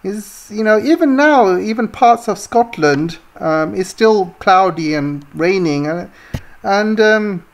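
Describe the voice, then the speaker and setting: Speaking slowly in an expressive, medium-pitched voice, a woman vlogger delivers ranting political commentary full of scorn and indignation, stumbling through many fillers and restarts.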